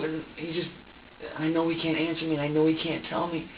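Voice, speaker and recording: A man being questioned by police pours out an agitated, rambling account full of swearing. His voice sits a little high and sounds far from the mic. The room audio is roomy and dull, with a faint hiss. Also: completely flat delivery, brisk. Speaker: interrogation suspect. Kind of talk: police interrogation. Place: interrogation room. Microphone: distant room mic.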